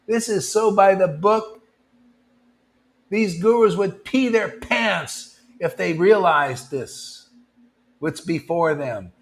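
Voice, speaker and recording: A man preaching informally to a devotional gathering, blunt and confrontational, throwing out rhetorical questions and calling his listeners "man". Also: high-pitched. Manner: rhetorical questions, mocking asides.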